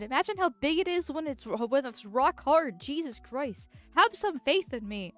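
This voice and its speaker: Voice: high voice, very animated, normal speed, hardly any pauses, a bit bright, no echo, soft background music. A political vtuber streamer chatting casually and reading chat, speaking through a voice changer in a rambling, giggly way. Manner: rambling and giggly, with frequent restarts.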